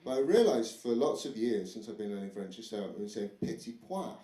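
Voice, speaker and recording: A man's voice: lowish voice, animated, fast, dark tone. A young man doing a stand-up comedy set before a live audience, chatty and self-deprecating, dropping into mock foreign voices. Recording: echoey club with audience noise.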